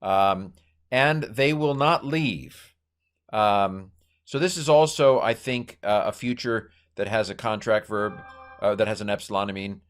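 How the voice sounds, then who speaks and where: A man's voice: fairly low pitch, unhurried. A middle-aged man teaching Greek grammar informally, thinking aloud with many fillers and corrections and playful asides. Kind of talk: informal Bible language lesson.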